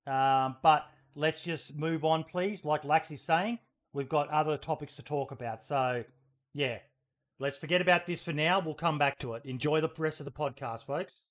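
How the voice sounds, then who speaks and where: A man's voice: a little high, normal speed, a bit bright. A man hosting a casual livestream podcast, talking bluntly and swearing freely. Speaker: podcast host.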